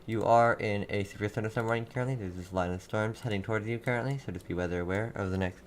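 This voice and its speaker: A man's voice: fairly low pitch, fast talker, slight background noise. A young man hosting a casual live weather stream from his desk, reading viewers' comments and repeating town names as he gives storm alerts. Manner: casual, distracted, repeats place names from chat. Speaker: livestream weather host.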